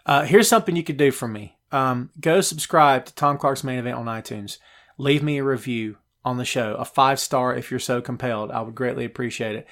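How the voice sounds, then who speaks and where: A man hosting a live wrestling talk show, chatting casually and reading viewers' names aloud, recorded on a phone and a bit out of breath. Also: mid-range voice. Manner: chatty, animated, reads chat names aloud. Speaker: podcast host.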